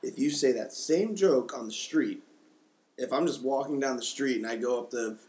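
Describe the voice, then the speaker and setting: A man as a guest on a podcast in casual discussion, plainspoken and relaxed. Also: mid-range voice, moderate pace.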